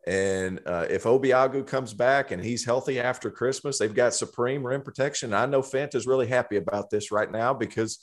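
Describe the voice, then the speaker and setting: A man from Tennessee with a Southern accent, co-hosting a casual sports chat with animated asides. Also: mid-range voice, normal speed, few pauses. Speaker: co-host.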